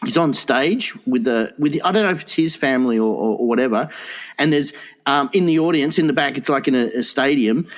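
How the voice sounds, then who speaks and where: A man co-hosting a crude comedy podcast, laughing often and swearing as he tells stories. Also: a little fast. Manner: laughs often, swears, swoops into squeaky voices for quotes. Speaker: podcast co-host.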